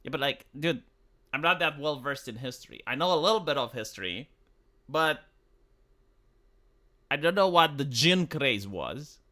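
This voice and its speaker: Stammering, cursing streamer. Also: male voice, a little high, moderate pace, long pauses. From Romania. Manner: profane, stammering, animated. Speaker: live streamer. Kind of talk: casual livestream rant.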